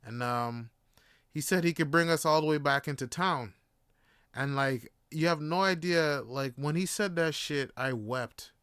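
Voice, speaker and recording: A man hosting a podcast, telling a story in a casual, animated and profane way, often laughing. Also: a little high, measured pace, clear, resonant tone, no room sound, studio quality. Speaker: podcast host.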